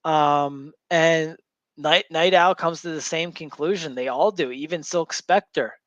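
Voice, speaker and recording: A man's voice: on the high side, measured pace, a bit bright, no room sound, lo-fi sound. Chatty man recapping a story, dry sound. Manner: loose and rambling, with many fillers and restarts. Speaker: show host recapping a comic. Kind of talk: casual retelling of a story to a co-host.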